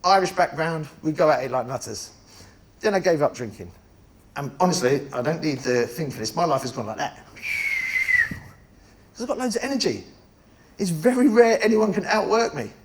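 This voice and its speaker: A blunt, energetic man in middle age addresses a room of members. His voice sits a little high for a man. He talks fast and informally, swears freely, and keeps checking in with "do you know what I mean". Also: slight background noise. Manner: energetic, blunt, swears casually, chatty asides. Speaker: estate agency network founder speaking to members. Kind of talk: conference talk.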